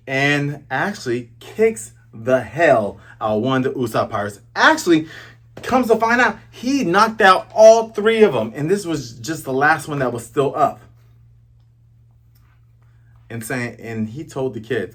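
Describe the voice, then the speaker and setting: A man hosts a casual comic review and recaps the chapter with excited, jokey asides. His voice swings widely in pitch and is a bit higher than most men's. It has a husky, slightly rough texture. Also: normal speed. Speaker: host.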